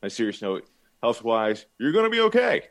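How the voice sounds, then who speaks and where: A man's voice: mid-range voice, big pitch swings, fairly quick. A younger man co-hosting a podcast, answering teasing in a hesitant, defensive way with stammered restarts. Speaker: podcast co-host. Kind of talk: casual banter.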